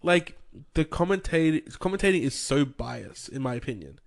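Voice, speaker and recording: A man's voice: fairly high pitch, expressive, moderate pace, gravelly. A young Australian man co-hosting a podcast, rambling and exasperated in casual chat. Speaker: podcast co-host.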